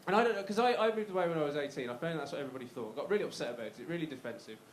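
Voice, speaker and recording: Fast-talking Black Country comedian. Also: male voice, fairly high pitch, expressive, a little hiss or hum. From Black Country, West Midlands, England. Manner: chatty and self-mocking, bantering with the crowd. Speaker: stand-up comedian. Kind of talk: live stand-up routine. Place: comedy club stage. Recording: roomy live club sound.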